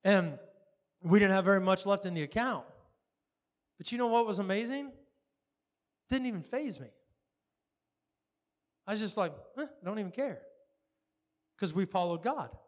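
A man's voice: high-pitched, moderate pace, long pauses. A man preaching a sermon, telling stories and acting out dialogue with frequent laughs. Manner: animated, acts out dialogue, laughs often. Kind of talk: sermon storytelling.

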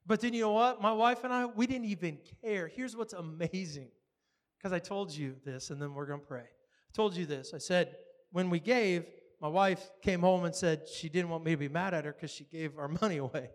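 A man's voice: sits high, moderate pace. A man preaching a sermon, telling stories and acting out dialogue with frequent laughs. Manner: animated, acts out dialogue, laughs often. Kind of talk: sermon storytelling.

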